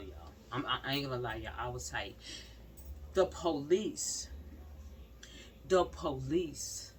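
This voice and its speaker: A woman's voice: on the low side, fairly bright tone. A woman vlogger talking straight to her viewers in an emphatic, repetitive way, hammering each point home more than once. She sits a little away from the mic, and a faint background hiss runs under her voice. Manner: emphatic, repeats herself, talks straight to viewers. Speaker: vlogger commenting on news. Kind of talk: casual commentary. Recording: slightly distant mic with faint background noise.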